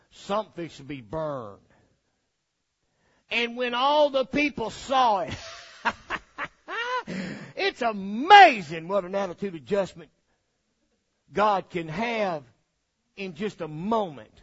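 A man preaching a sermon in an animated, folksy, joking way, captured on a dull lo-fi recording. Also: high-pitched.

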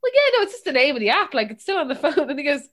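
A young Irish woman co-hosting a chatty podcast, telling animated stories and mimicking her dad. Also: sits high, racing. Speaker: podcast co-host. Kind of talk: casual chat.

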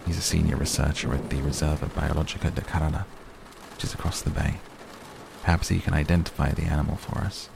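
A man's voice: extremely low pitch, flat delivery, fast talker, gravelly, full character voice. A man voicing a formal, careful hospital doctor. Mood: measured. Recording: noisy recording.

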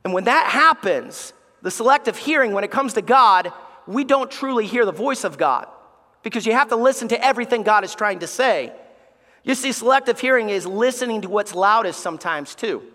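A male pastor preaching a sermon, swinging between loud emphatic lines and hushed, near-whispered ones. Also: sits high, lively intonation, brisk. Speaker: executive pastor. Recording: long reverb of a large hall.

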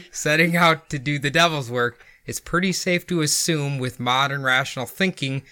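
Bright-voiced male podcast host. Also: on the high side, moderate pace, smooth. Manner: laughs often, rambling. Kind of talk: casual chat and story narration.

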